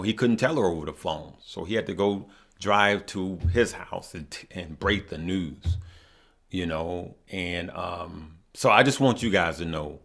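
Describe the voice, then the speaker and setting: A man hosting a live stream, talking earnestly to his viewers, emotional and near tears, halting and often repeating himself. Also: sits low. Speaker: host of a stock market live stream.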